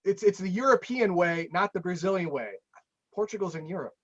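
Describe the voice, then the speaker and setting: A man's voice: high-pitched, expressive, brisk, a bit bright, lo-fi sound. A man hosting a casual chat, rambling with lots of restarts. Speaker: podcast host. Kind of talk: casual video-call chat.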